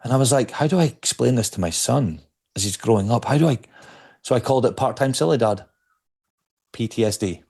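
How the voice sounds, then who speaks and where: A man's voice: medium pitch, expressive, a little fast, a little mellow, breathy edge. A man who is a podcast guest, talking reflectively in an interview and often repeating words as he looks for the right one. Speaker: podcast guest, speaker on stress. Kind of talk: conversational interview.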